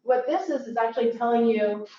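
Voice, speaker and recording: A woman's voice: fairly high pitch, a little fast, dark tone, slight background noise. A woman giving an upbeat conference presentation with joking asides. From Silicon Valley. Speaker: workshop presenter. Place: lecture hall. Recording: echoey hall from far off, dull.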